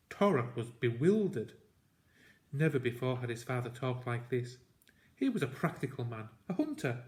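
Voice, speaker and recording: A man reading a children's novel aloud in a slow, measured, deliberate way. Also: mid-range voice, big pitch swings, a little mellow. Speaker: audiobook reader. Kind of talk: storybook read-aloud narration.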